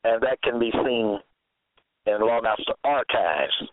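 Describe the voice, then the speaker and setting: A man preaching in a slow, measured, emphatic way, repeating key phrases as he presents a case. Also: mid-range voice, a little hiss or hum. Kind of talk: slow deliberate sermon. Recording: dry tinny phone-like sound.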